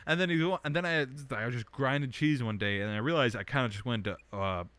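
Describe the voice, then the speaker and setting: A young man hosting a casual livestream from home, rambling with lots of fillers and bursts of animated complaint. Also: medium pitch, brisk, smooth, no room sound. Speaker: podcast host. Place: indoors at home under a blanket.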